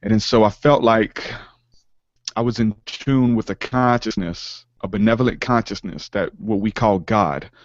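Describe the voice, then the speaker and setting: A man telling a personal spiritual story in an interview, earnest and halting, with many fillers and restarts. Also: lowish voice, lo-fi sound. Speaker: podcast guest, rapper.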